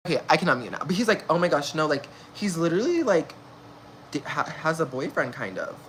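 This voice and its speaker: A woman's voice: low voice, very animated, fairly quick, fairly bright tone, a little hiss or hum. A young woman in her early twenties telling a messy gossip story in casual chat, slangy and laughing often. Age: young adult. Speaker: vlogger.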